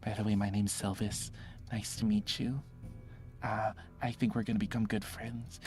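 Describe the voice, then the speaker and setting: A man voicing a timid, crouching oddball who talks to an unseen friend, in a hushed, stammering, breathy voice. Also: fairly high pitch, expressive, unhurried, faint music behind, voice pushed up. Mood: hushed secretive. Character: tiny timid male oddball who hears an invisible friend.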